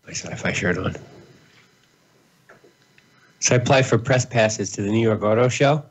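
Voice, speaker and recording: A man's voice: lowish voice, normal speed, breathy edge. A man co-hosting a livestream over a video call, telling stories in an offhand, wry way. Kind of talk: casual livestream chat.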